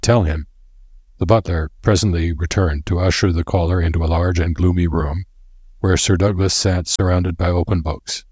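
A narrator reads a scripted story in a steady, measured way. His deep voice carries a husky grain, and the close, dry recording has no room sound at all.

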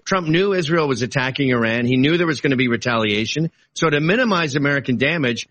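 A man arguing his side in a heated political debate, animated and argumentative, swinging between casual asides and sudden exclamations. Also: medium pitch, no echo. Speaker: political guest.

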